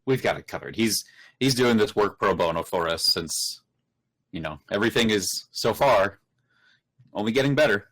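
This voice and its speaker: A man doing a calm, low-voiced townsman. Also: normal speed, low-quality recording. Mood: reassuring. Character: Rudd, a calm adult male townsman leader.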